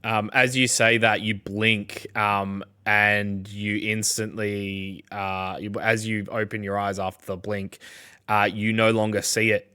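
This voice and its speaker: A man with an Australian accent narrating as game master, slow and full of fillers. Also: lowish voice, little pitch movement, bright, forceful tone, clean tone. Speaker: dungeon master.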